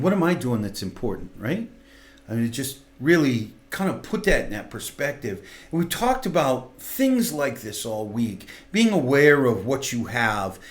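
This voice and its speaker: A middle-aged man hosting a local talk show, giving an earnest, rambling motivational talk with many fillers and restarts. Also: medium pitch.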